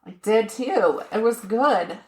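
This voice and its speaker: A woman's voice: fairly high pitch, expressive, slow pace, a little mellow. A woman co-hosting a podcast in casual chat, laughing often and swearing now and then. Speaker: podcast co-host.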